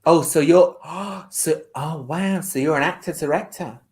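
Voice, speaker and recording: A man's voice: a little high, measured pace, a little mellow. A man performing an improvised comedy scene, talking in a hesitant, apologetic, stammering way.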